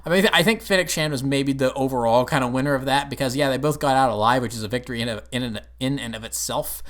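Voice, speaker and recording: A man's voice: mid-range voice, fast, fairly bright tone. A man giving a casual, rambling spoken review of a TV episode, with lots of "um"s and restarts. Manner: rambling, full of fillers and restarts. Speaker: TV show reviewer.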